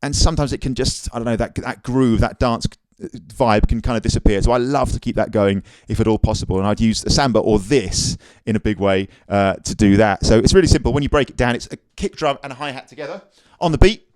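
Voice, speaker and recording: A man's voice: medium pitch, fast talker, a little mellow, no room sound. Chatty male drum teacher counting beats. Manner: chatty and upbeat, counts rhythms aloud. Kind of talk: casual video drum lesson. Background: drum kit playing.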